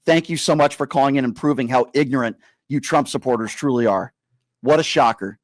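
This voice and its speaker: A man hosting a live call-in radio show, berating a caller and slowing down to lecture him. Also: mid-range voice, dry recording, low-quality recording. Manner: combative, insulting, slows down to lecture. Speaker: radio talk show host.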